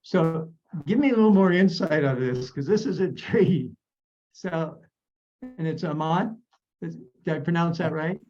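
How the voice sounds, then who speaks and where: A man from Idaho giving measured, explanatory coaching advice as a guest on a video call. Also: on the high side, darkish tone, muffled recording. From Idaho, USA.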